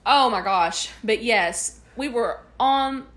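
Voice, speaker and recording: A woman co-hosting a casual podcast, lively and quick to laugh and jump in. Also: a little high. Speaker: podcast co-host. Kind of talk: casual chat.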